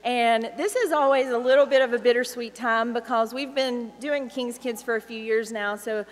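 A woman's voice: on the high side, steady tone, moderate pace. A woman, a children's ministry teacher speaking casually and affectionately to a church congregation, with filler words. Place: church sanctuary. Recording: reverberant church hall with congregation.

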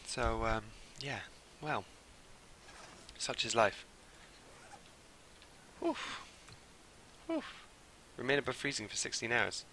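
A young man streaming a game live, who swings from mumbled asides to loud, panicky shouts. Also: medium pitch, slow pace, long pauses, a little hiss or hum. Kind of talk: live gameplay commentary.

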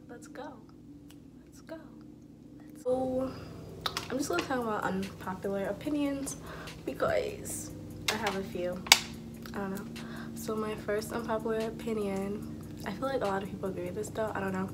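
A woman's voice: a little high, very noisy. A young woman hosting a casual eat-and-talk video, rambling with fillers and correcting herself as she goes. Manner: chatty, self-correcting, filler-heavy. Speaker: YouTuber hosting a mukbang. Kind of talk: casual chat while eating.

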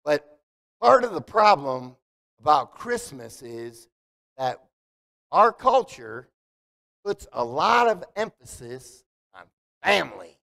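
A man's voice: on the high side, very animated, slow, vocal fry, long pauses, fairly bright tone. A man preaching a conversational sermon as pastor, asking the congregation questions. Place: church sanctuary. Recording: long hall reverb.

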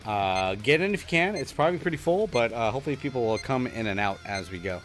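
Animated man streaming a racing game. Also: medium pitch, fast, faint music behind. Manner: chatty, excitable, self-deprecating. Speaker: streaming host. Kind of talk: casual gameplay commentary.

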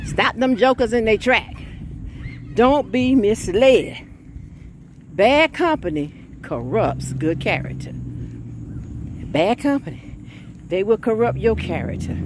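Against some background noise, a woman in a mid-range voice gives an informal sermon. She's fervent and conversational, regularly breaking out in laughter and shouts.

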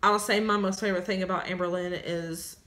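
A woman's voice: on the low side, fairly even intonation, a little fast, fairly bright tone. A woman answering questions in a couple vlog, speaking earnestly and openly about her relationship. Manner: earnest, open, reflective. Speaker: vlogger's partner. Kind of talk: candid couple Q&A chat. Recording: roomy echo.

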